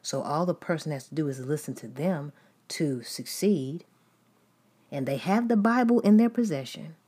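A woman's voice: low-pitched, animated, moderate pace, mellow, breathy edge. A woman preaching a sermon in an emphatic, repetitive style, building points through long lists.

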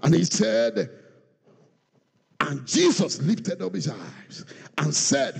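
A male pastor preaching a sermon with a very gravelly, husky voice. His pitch leaps high and drops low as he swings from shouts to quiet asides. The sound carries a long echo from a large church hall. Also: very animated, slow, pauses often.

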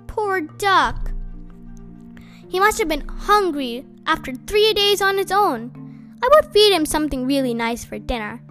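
A woman reading a children's novel aloud in expressive first-person storybook narration. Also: very high voice, unhurried, soft background music. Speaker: audiobook reader.

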